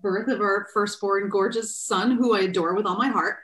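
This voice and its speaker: A woman tells a personal story with lots of life, laughing as she goes and slipping into the voices of the people she quotes. Her pitch sits in the middle. The room around her rings with echo. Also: normal speed. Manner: lively, acts out quoted voices, laughs often. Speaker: actress guest. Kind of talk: animated storytelling in a podcast interview.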